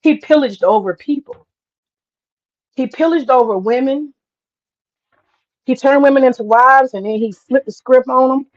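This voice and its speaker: A woman talking casually on a livestream, drawling and animated as she tells a story, with asides to herself. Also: sits high, a little slow, long pauses, dull audio. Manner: animated, drawling, swears casually, mutters to herself while cooking. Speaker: host.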